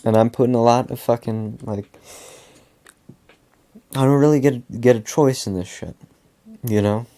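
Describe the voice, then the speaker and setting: A man's voice: medium pitch, a little slow, pauses often, dark tone. A young man venting in a casual monologue, rambling, repeating himself and swearing a lot. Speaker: vlogger.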